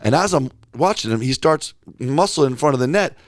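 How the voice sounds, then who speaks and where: A man talking as a podcast guest in a studio, telling stories with excitable energy and quick restarts. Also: medium pitch, no room sound. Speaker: podcast guest, company founder. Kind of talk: casual podcast chat.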